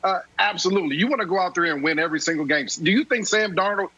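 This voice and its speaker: A man's voice: high voice, very fast, sharp tone, slightly rough, dull audio. A man who is a former player, giving emphatic sports commentary and repeating his key points.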